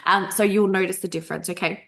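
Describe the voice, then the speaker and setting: A woman's voice: medium pitch, steady tone, quick pace, vocal fry, fairly bright tone. A woman in her thirties talks through a podcast workshop in a loose, chatty way, punching her points hard and swearing casually. She stumbles and restarts and sounds a little coughy. The sound is close and clean from a desk microphone on a video call. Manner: chatty, emphatic, swears casually, trips on words. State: a bit coughy. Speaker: coach running a podcast workshop. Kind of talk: casual spoken workshop talk. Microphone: desk USB microphone over a Zoom recording.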